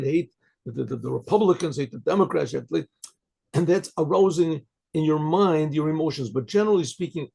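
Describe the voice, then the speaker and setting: An older male rabbi teaches Torah in a gravelly, husky voice pitched a little high. He moves between Hebrew phrases and their English meaning, restarts often and keeps checking in with his listeners. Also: a little mellow. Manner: translates Hebrew phrases into English, many restarts and rhetorical "right?". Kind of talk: Torah lecture.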